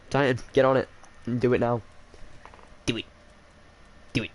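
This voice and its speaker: This streamer speaks at a medium pitch and a fairly quick pace, broken by long pauses, with slight background noise. He jokes about himself while gaming live, addressing viewers by name in casual commentary.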